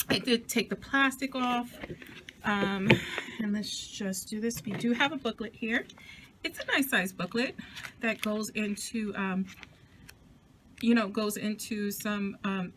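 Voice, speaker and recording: Woman host, card-deck reviewer, eager and talkative, mid-pitched, close camera, faint background noise. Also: fairly bright tone. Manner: chatty and enthusiastic, with frequent restarts. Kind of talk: casual deck walkthrough and review. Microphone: zoomed-in camera close-up.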